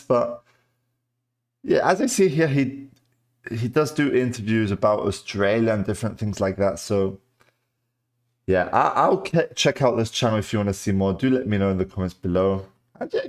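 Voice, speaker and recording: A man's voice: fairly low pitch, a little mellow. A British man hosting a reaction video, chatting casually and agreeably about what he watches. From Britain. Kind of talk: casual commentary over a video.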